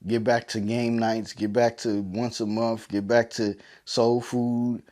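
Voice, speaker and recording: A man's voice: mid-range voice, flat delivery, slow, warm tone. A man hosting a solo podcast, teary and emotional, building his points through preacher-like repetition. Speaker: podcast host. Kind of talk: heartfelt solo podcast monologue.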